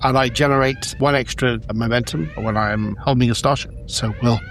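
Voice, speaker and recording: A man's voice: medium pitch, steady tone, moderate pace, fairly bright tone, a little hiss or hum. A man playing a tabletop game, talking casually and matter-of-factly about his rolls. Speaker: player.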